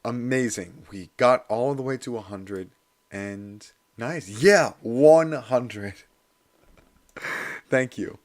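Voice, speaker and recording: A man with a hoarse voice chatting casually and laughing at himself while livestreaming. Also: lowish voice, slow. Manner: chatty, self-deprecating, laughs often. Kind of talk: casual study stream chat.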